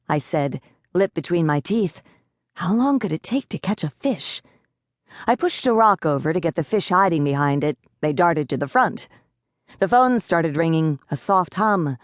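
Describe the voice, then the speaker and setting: Low-voiced woman narrating an audiobook. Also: lively intonation, moderate pace, no room sound. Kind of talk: first-person audiobook narration.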